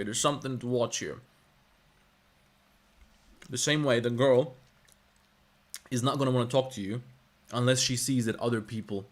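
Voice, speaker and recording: A man talks loosely to his live-stream viewers and swears freely. He lays out advice like a lecture at a mid pitch. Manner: blunt and profane. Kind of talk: casual live-stream chat.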